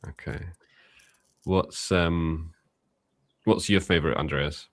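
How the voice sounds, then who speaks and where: A soft-spoken, laid-back man hosting a podcast and reading out a listener's question. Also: rumbling low, fairly even intonation, slow pace. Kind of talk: casual podcast chat.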